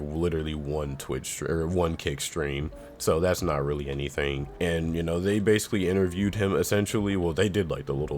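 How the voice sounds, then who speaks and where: Very deep-voiced laid-back vlogger man. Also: slight background noise. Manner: laid-back, slangy, rambling with fillers. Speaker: YouTube commentary host. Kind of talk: casual commentary vlog.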